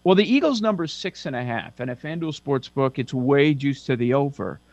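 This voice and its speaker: A man's voice: mid-range voice, lively intonation, highs cut off, noisy background. A man hosting a casual sports betting chat, running through team records with dry sarcasm. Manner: sarcastic, lists facts quickly.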